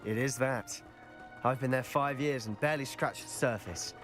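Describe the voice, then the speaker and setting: A self-assured teenage wizard student from a fantasy video game, voiced by a man, well-spoken and wry, with a mid-pitched voice. Loud game music plays behind him. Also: normal speed, close to an everyday voice. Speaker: student companion.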